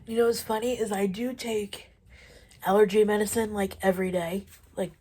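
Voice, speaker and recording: A woman's voice: medium pitch, normal speed, husky. A woman in her twenties chatting casually in a vlog, her voice stuffy from allergies, rambling along with plenty of fillers while riding an exercise bike at home. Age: 20s. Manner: rambling, relaxed, lots of fillers. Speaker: vlogger.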